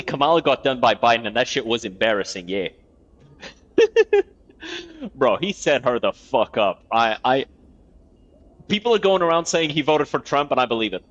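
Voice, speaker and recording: A man's voice: medium pitch, very animated, normal speed, pauses often, a bit bright. A man streaming a video game, chatting casually with rambling asides and freely swearing. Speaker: gaming streamer. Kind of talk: casual gameplay chat. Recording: dull lo-fi sound, faint game music.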